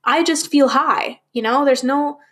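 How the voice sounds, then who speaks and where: A woman's voice: high-pitched, unhurried. A woman speaking candidly to her viewers, questioning herself and swearing now and then. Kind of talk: candid personal talk to camera.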